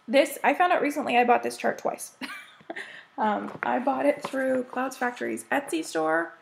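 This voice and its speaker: A woman's voice: on the high side, creaky, a little hiss or hum. An American woman chatting casually as she shows her cross-stitch projects, rambling and gushing over them. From United States. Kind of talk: casual show-and-tell chat.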